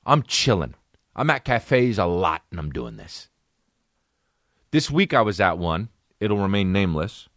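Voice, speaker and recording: A man in his thirties delivers a comedic podcast monologue, swearing freely and working himself up into an animated, pitch-climbing rant. The recording is close and dry, with no room around the voice. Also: measured pace, pauses often, no echo. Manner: profane, ranting, rising to a high-pitched mock outrage. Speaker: podcast host.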